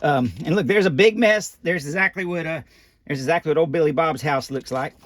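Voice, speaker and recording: A man's voice: fairly high pitch, brisk, no room sound, close to an everyday voice. A man voicing a folksy old animatronic doll who reads a children's picture book aloud with rambling asides and loose grammar. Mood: chatty.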